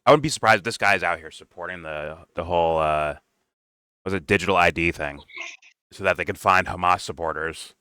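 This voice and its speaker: A man's voice: deep voice, brisk, sharp tone, smooth, dry recording, clean studio sound. A man co-hosting a casual commentary chat, sarcastic and swearing, laughing often as he mocks people. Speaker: podcast co-host.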